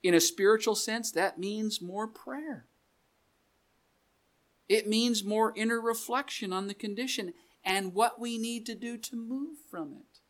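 A man's voice: high voice, unhurried, a bit bright. A man preaching a sermon in a conversational way, reading scripture aloud and adding joking asides, in a meeting room.

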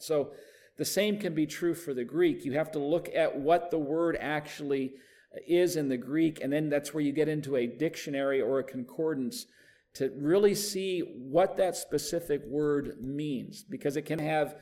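A man teaching a Bible study as a minister, reading scripture aloud with rising emphasis and then explaining it calmly, often repeating words as he restarts phrases. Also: a little high, moderate pace.

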